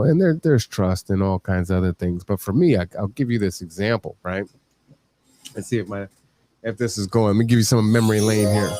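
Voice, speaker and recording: A man's voice: mid-range voice, darkish tone, no echo. A man hosting a podcast, talking in a reflective, conversational way and often checking in with the listener. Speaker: podcast host. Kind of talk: reflective casual talk.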